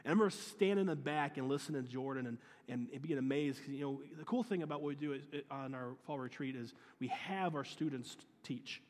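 A man's voice: medium pitch, fast talker, few pauses. Earnest man telling a story in a hall. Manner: earnest, with many restarts and quoted dialogue. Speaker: youth pastor. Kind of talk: storytelling sermon.

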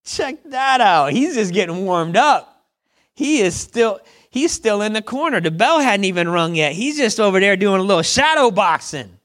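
A man voicing an eager, excitable male onlooker in a crowd, full of incredulous exclamations. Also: sits high, normal speed. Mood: hyped.

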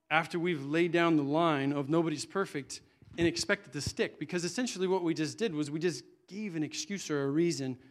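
A middle-aged man with a voice on the high side preaches a sermon earnestly and conversationally, often restarting his sentences.

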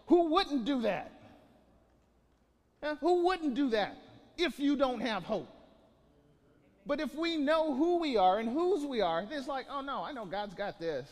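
Preacher, male, high voice, emphatic sermon delivery with restarts, long hall reverb. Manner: preaching with rising emphatic bursts and many restarts. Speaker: pastor.

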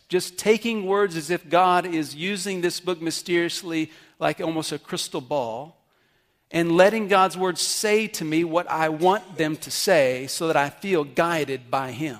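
During a church service, a pastor with a voice on the high side preaches at an unhurried pace. He teaches earnestly and keeps putting questions to the congregation to check they're following.

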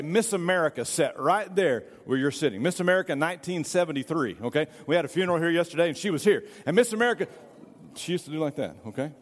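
A man, a pastor giving a sermon in a church, reading scripture and then playfully directing volunteers in a skit. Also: a little high. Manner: playful, jokey, hurries volunteers along. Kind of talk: sermon with a staged reenactment. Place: church sanctuary. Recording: reverberant church hall.

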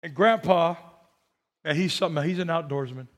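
A male pastor preaching a sermon, telling a story with animated delivery and a straining voice. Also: a little high, normal speed. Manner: animated storytelling, voicing characters.

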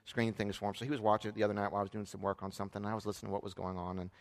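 A pastor in his thirties preaches a sermon in an earnest, conversational way, often using fillers and restarting sentences. His voice is fairly low and flat, and he talks very fast. The large church sanctuary gives the recording a long reverb.

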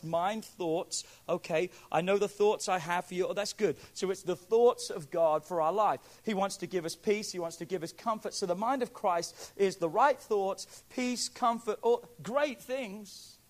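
A man preaching a sermon as pastor, emphatic and pleading, swinging from quiet asides to near shouts. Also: high voice, moderate pace, hardly any pauses.

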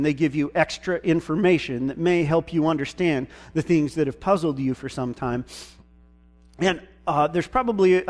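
High-voiced man preaching a folksy sermon. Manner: storytelling, casual and folksy. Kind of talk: sermon retelling a Gospel story.

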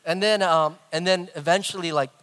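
Middle-aged male preacher, high-pitched, lively storyteller who swings from loud to hushed. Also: brisk. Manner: animated, acts out voices, big swings in loudness. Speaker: pastor. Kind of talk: sermon with personal storytelling.

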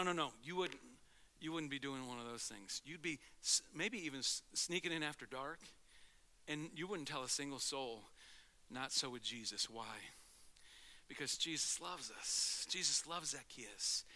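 A male pastor preaching a sermon in an animated way, swinging from loud to hushed and acting out quotes. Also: mid-range voice, normal speed.

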